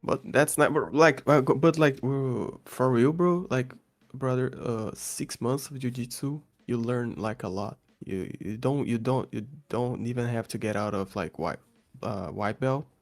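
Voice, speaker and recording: Animated man who keeps saying bro. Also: mid-range voice, measured pace, creaky. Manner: animated, repeats words, says bro a lot. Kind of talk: casual chat.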